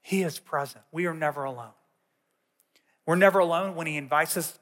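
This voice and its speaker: A man's voice: fairly high pitch, fairly quick, long pauses, fairly bright tone. A man teaching a sermon in a conversational way, telling personal stories to a church audience. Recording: long reverb of a large hall.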